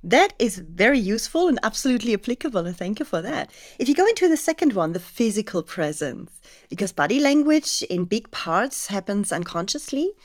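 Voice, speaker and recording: A woman's voice: medium pitch, sing-song, brisk. A woman hosting a podcast interview, asking earnest, thoughtful questions in slightly non-native phrasing. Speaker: podcast host.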